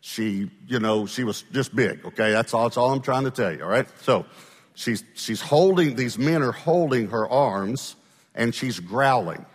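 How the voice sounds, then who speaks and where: A man's voice: mid-range voice, expressive, measured pace, husky, long reverb tail. A male pastor telling a story in a sermon, talking conversationally and often checking in with his listeners.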